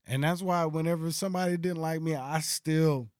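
A casual man from Dallas spins rambling, profane stories, laughing as he goes. His voice sits a bit higher than most men's, recorded close and dry with no room sound. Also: steady tone, normal speed, a little mellow, smooth, dry recording. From Dallas, Texas. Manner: storytelling, profane, laughs often, playful voice impressions. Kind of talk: casual chat.

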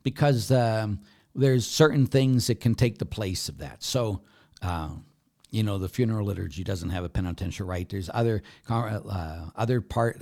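A middle-aged priest with a fairly low male voice reads viewer questions aloud. He answers each one plainly and directly, in the easy tone of a live question-and-answer talk. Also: mellow.

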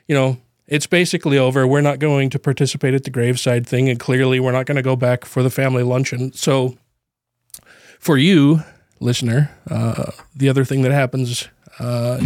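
A man co-hosting a podcast, telling a personal story in casual chat, halting with fillers and nervous laughs, grief close to the surface. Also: mid-range voice, no room sound. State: grieving, voice near tears. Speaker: podcast co-host.

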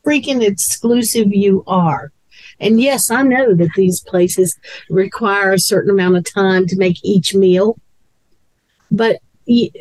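A woman's voice: mid-range voice, darkish tone, no room sound, rough recording. A woman co-hosting a casual chat, speaking emphatically. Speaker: co-host.

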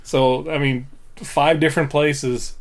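A man's voice: fairly high pitch, steady tone, slow. A man in casual chat, eagerly listing places he has been.

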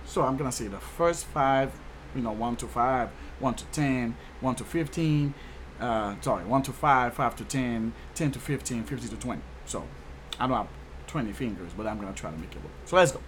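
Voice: medium pitch, normal speed, a little hiss or hum. A host from Haiti teaching a casual online language lesson, upbeat and repeating each word for learners.

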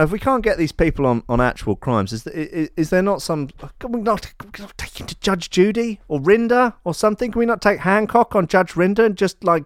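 A podcast host with a high-pitched voice delivers a ranting comedy monologue, sarcastic and swearing freely. The sound is clean studio quality with no echo.

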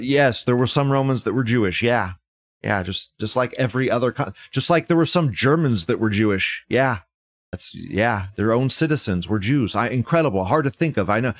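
A man's voice: fairly low pitch, no room sound. Guy hosting his show, swearing a lot, rambling and blunt, dry sound. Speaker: show host. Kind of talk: casual monologue.

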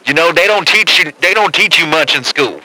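A man's voice: a little high, expressive, brisk, sharp tone, no echo, poor audio. A man playing a rambling, stammering caller in a comedic call-in sketch, leaning on "man" constantly.

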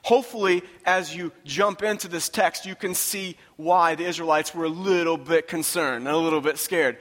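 A man's voice: fairly high pitch, steady tone, moderate pace, fairly bright tone, in a large hall. A man preaching a sermon, talking in a conversational, emphatic way and repeating his phrases for weight. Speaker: pastor.

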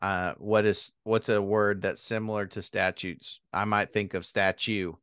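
A man co-hosting a podcast, talking through scripture in a thoughtful, measured way and chuckling lightly now and then. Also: on the low side, flat delivery, a bit bright, smooth, dry recording, clean studio sound. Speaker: podcast co-host. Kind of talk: casual Bible discussion.

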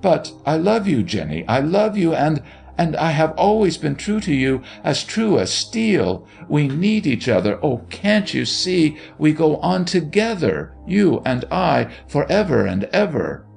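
A man's voice: a little high, very animated, unhurried, vocal fry, a little mellow, faint music behind, pitched above the performer's own voice, exaggerated voice. A man voicing an earnest middle-aged clerk and loving husband, eager and heartfelt. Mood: pleading.

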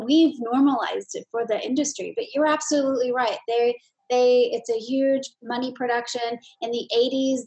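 A woman with a fairly high voice hosts a podcast conversation. She talks in a chatty way, full of fillers and asides. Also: a little mellow, rough recording.

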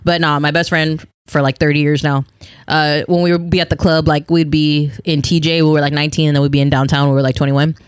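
A woman's voice: sits low, flat delivery, fast talker, clear, resonant tone, no room sound, studio quality. A woman in her thirties, a podcast guest telling stories casually and laughing often. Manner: giggly, laughs often, storytelling. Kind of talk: casual chat.

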